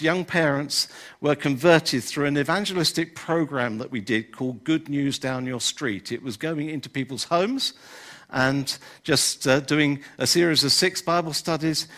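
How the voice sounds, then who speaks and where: High-voiced older preacher. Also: male voice, fairly bright tone. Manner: conversational, peppered with "you know". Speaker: pastor. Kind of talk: sermon.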